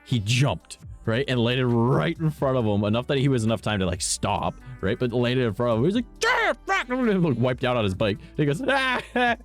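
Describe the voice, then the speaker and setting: Gaming on stream, a young man tells long, rambling stories in casual conversation, cursing freely, laughing at his own tales, and sprinkling in "right?" and "all right?". He speaks briskly in a sing-song, mid-range voice with few pauses, while faint game music plays.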